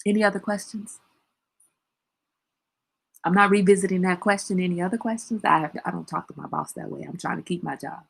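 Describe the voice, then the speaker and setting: A woman's voice: fairly low pitch, brisk, vocal fry, long pauses, husky. A woman hosting a casual livestream chat, talking bluntly and animatedly and laughing often. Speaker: livestream talk show host; mother.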